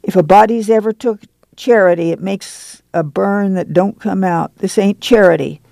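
A fierce, bitter camp woman, hoarse and indignant, as a reader puts her on in a storybook reading. Her rural drawl comes out gravelly and dark, with a dry close sound. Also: medium pitch, moderate pace, no room sound, voice pushed up, lightly acted.

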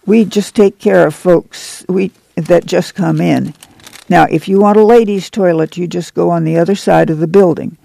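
Man doing a gruff elderly man, gravelly, low and dark, dry recording. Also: fairly even intonation, normal speed, dry recording, exaggerated voice. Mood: stern. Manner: stern, clipped dialect speech. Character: stern elderly camp man, proud, gruff.

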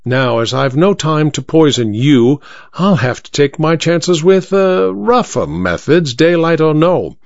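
A ruthless older colonel, an ex-soldier and hunter, voiced by a man with a cold, deliberate menace and a lively, swooping delivery. The sound is dry and a little dull. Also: a little high, no echo. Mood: menacing. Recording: dry, slightly dull recording.

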